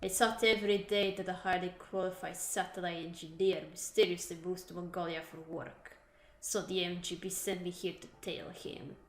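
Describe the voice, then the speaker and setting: A woman's voice: on the low side, fairly even intonation, moderate pace, echoey room, close to an everyday voice. A woman putting on a cocky female spy. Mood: boastful. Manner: boastful, defensive.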